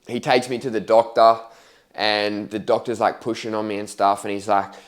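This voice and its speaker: A man's voice: on the low side, flat delivery, moderate pace. A young man casually telling his own story to camera, candid and slangy, swearing freely and acting out his past reactions.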